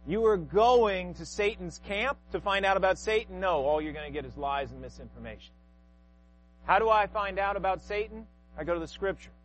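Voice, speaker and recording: A man's voice: high voice, fairly bright tone, slight background noise, rough recording. A man, a pastor, preaching a sermon with rhetorical questions and acted-out quotes.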